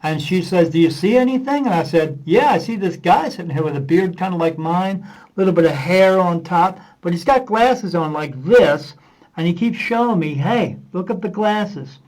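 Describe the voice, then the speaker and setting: A man with a fairly high voice chats as a podcast guest, spinning loose, rambling anecdotes. He slips into the voices of the people in his stories and fills his pauses with uh. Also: animated, a little mellow, rough recording. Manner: rambling anecdotes, acting out dialogue with many uh fillers. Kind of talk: casual storytelling in a podcast interview.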